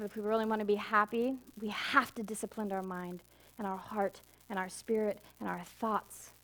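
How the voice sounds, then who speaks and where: Woman preacher, middle-aged, slightly high pitch, conversational sermon, rises emphatic then drops soft. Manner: conversational storytelling, swinging from emphatic highs to soft intimate lows. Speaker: minister.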